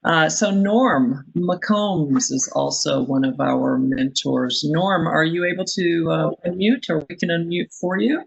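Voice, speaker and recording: Woman, meeting host, husky voice, effusive, muffled video call. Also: sits low, unhurried, hardly any pauses. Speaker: meeting organizer.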